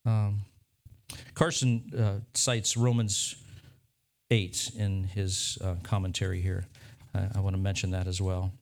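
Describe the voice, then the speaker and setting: A man's voice: deep voice, little pitch movement, a little slow, a little mellow. A male pastor preaching a sermon in an earnest manner, often repeating phrases for emphasis.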